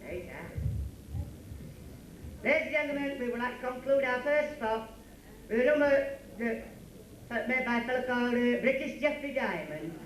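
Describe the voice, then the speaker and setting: A man's voice: very high-pitched, animated, moderate pace, pauses often, a bit bright, dull audio, a little hiss or hum. A man with a Yorkshire accent playing the daft stooge in a club comedy double act, recorded live. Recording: roomy live club recording from far off with crowd.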